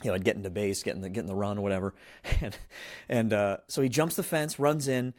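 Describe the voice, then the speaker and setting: A man's voice: fairly low pitch, fairly even intonation, fairly quick, darkish tone, dry recording, studio quality. A man hosting a podcast, retelling a film plot in a rambling, casual way full of fillers and restarts. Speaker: podcast host.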